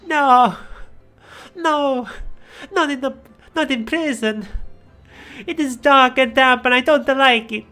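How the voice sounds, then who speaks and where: A woman voicing a timid, panicky young male thief in a video game, whining in a high, frightened voice. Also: takes it slowly, fairly bright tone, faint music behind.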